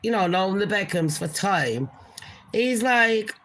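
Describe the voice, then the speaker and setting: Woman, livestream gossip host, bright edgy tone, blunt, sweary, chatty asides. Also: medium pitch, expressive, takes it slowly, a little hiss or hum. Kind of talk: casual celebrity gossip commentary.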